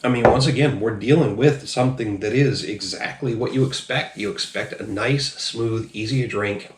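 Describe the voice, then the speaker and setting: Reviewing drinks on his channel, a slightly tipsy man talks loosely and profanely, rambling with plenty of ums. His voice is medium in pitch at a moderate pace, and the sound is roomy.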